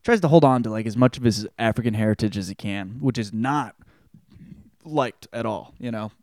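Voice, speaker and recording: A man's voice: on the low side, moderate pace, a little mellow, dry recording. A man hosting a podcast, giving a casual spoken book report in a rambling, joking way with lots of swearing. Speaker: podcast host.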